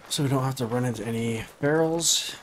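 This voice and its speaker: A man's voice: mid-range voice, brisk, a little hiss or hum. A man casually commenting while playing a video game, rambling, swearing and self-deprecating. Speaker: let's play host.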